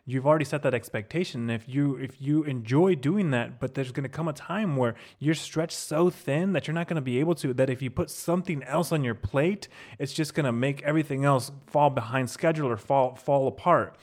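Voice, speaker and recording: A man's voice: medium pitch, a little fast, hardly any pauses, a little mellow. A young adult man co-hosting a casual podcast, talking in loose, rambling sentences and quoting imagined dialogue. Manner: rambling, restarts, acts out quoted lines. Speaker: podcast co-host.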